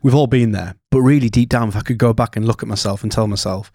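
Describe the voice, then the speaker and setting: A man's voice: fairly low pitch, fast talker, hardly any pauses, darkish tone, husky, dry recording. A man hosting a podcast in a studio, chatty and casual, swearing now and then. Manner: chatty, swears casually, acts out his inner voice. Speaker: podcast host. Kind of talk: casual interview chat.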